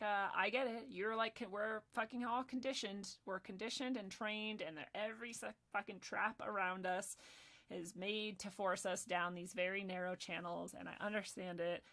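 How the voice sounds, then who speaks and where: A young woman giving heated personal commentary, swearing often and swinging between loud ranting and soft, quiet asides. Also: medium pitch, fairly even intonation, moderate pace. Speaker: video commentator.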